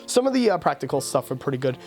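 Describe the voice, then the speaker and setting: A man's voice: medium pitch, very animated, racing, darkish tone. A man hosting a podcast in a casual film review rant, profane, exasperated and mocking. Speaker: podcast host.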